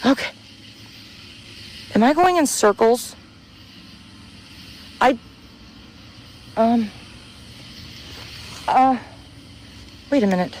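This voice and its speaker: A woman filming herself outdoors in dark woods at night on a handheld camera, talking to viewers in a frightened, pleading, panicky way and swearing. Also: fairly high pitch, lively intonation, drawn-out words, pauses often, slight background noise. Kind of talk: frightened live commentary to viewers.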